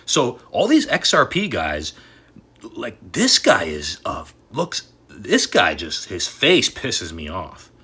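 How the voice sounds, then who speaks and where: A man ranting angrily on his vlog, cursing constantly and swinging between shouted outbursts and low, grumbling asides. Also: wildly swooping pitch, slow, breathy edge. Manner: angry and swearing, swings from shouting to muttering. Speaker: crypto and collectibles YouTuber.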